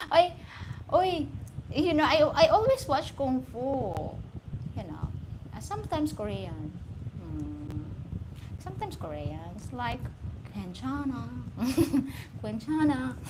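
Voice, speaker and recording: A woman's voice: a little high, noisy background. A woman from the Philippines with a Filipino accent, a guest chatting casually in an interview and laughing often. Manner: giggly, animated, laughs often. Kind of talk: casual chat.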